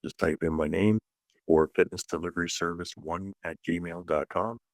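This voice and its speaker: Deep-voiced middle-aged man telling blunt stories. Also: normal speed, no echo. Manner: animated storyteller, blunt and joking. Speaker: martial arts instructor, guest. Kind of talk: casual interview chat.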